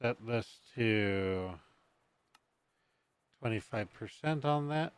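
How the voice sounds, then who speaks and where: This streamer talks to himself in a slow, expressive, mid-range voice with a clean tone and no echo. Playing a building game, he rambles casually, mutters, and hums quietly as he builds.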